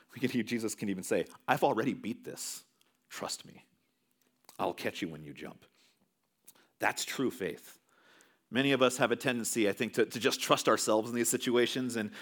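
Pastor guy preaching, earnest, drops to near whisper then punches it up, 30s. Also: medium pitch. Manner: earnest, swings between loud emphasis and hushed quiet. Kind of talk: sermon.

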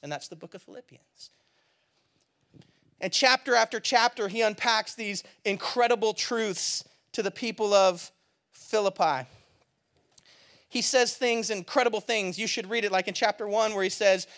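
A man preaching a sermon as a pastor, talking in a lively, conversational and emphatic way with playful asides. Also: high voice, normal speed.

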